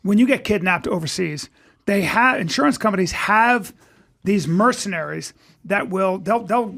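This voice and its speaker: A comedian guest on a podcast, a man telling rambling, animated stories in casual chat. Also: high-pitched, moderate pace, gravelly.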